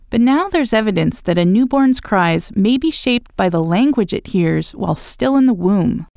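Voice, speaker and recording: Gravelly-voiced female science reporter. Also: mid-range voice, a little mellow, dry recording, clean studio sound. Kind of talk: scripted news narration.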